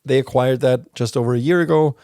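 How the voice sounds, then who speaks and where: A man's voice: medium pitch, fairly quick, darkish tone, no room sound, studio quality. A man hosting a podcast, explaining news in a casual, rambling way with plenty of fillers. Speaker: podcast host.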